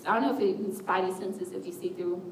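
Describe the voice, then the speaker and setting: A woman's voice: fairly even intonation, fast talker, crowd noise. A woman giving a candid, self-mocking personal testimony to a church group, acting out her inner voices as she speaks. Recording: roomy echo with a faint rumble, voice picked up from a distance.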